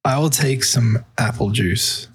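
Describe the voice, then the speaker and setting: Husky laid-back young man. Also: mid-range voice, unhurried. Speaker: podcast co-host. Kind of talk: casual chat.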